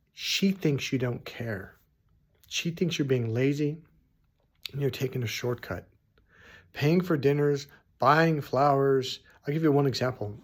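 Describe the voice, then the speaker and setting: A middle-aged man, a dating coach, telling a rambling, emphatic story to his viewers. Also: medium pitch. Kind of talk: storytelling monologue.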